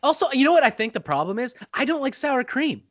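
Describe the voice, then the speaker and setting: A man's voice: very high-pitched, big pitch swings, fast, a bit bright, no room sound, highs cut off. A young man co-hosting a casual podcast, arguing bluntly and stubbornly and swearing freely. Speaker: co-host.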